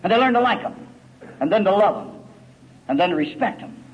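High-voiced gritty guy telling his story at a meeting, folksy, dull old tape w/ faint hiss. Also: very animated, brisk. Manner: gritty, folksy and emphatic, wide swings from loud to hushed. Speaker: recovery meeting speaker.

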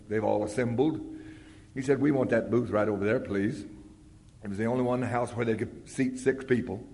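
An older man tells a long, humorous story in a loose, rambling way. He keeps breaking into loud acted-out quotes. His voice rings through a hall with a long reverb. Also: mid-range voice. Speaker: speaker sharing his recovery story. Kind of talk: storytelling talk at a recovery meeting.

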